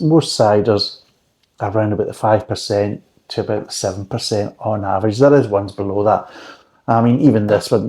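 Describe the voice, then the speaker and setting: A man's voice: lowish voice, a little mellow. A man reviewing drinks in a casual, rambling recipe chat, with dry joking asides.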